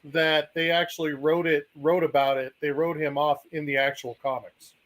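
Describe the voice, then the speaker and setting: A man with a somewhat high voice on a relaxed panel. He drops dry, wry asides and quips into the conversation. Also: moderate pace, poor audio. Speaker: podcast panelist. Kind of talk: casual chat.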